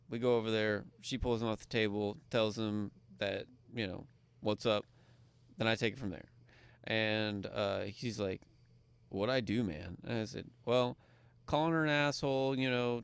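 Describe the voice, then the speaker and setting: A man with a Kentucky accent tells a story casually on a podcast. He acts out each person's lines and gets loud when the story heats up. The sound is dry and close. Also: on the low side, creaky, clear, resonant tone, no room sound. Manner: animated, acts out dialogue, grows loud when excited. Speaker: podcast co-host.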